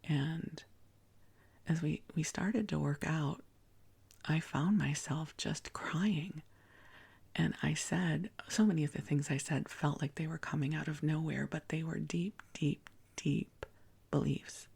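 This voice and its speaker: A woman in her sixties, a podcast host, telling a personal story in a soft, breathy near-whisper with a gentle, confiding manner. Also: deep voice, steady tone, slow pace. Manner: gentle and confiding, with small restarts.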